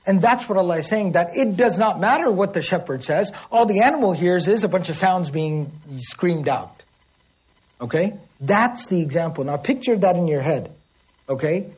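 A man's voice: sits high, expressive, moderate pace, breathy edge. A man teaching a religious language lesson, explaining word meanings and often checking in with his listeners. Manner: acts out calls and shouts.

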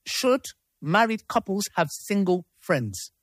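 A man's voice: high voice, big pitch swings, slow, fairly bright tone, dry recording, studio quality. A man hosts a live discussion and reads messages aloud, adding his own commentary. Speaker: host.

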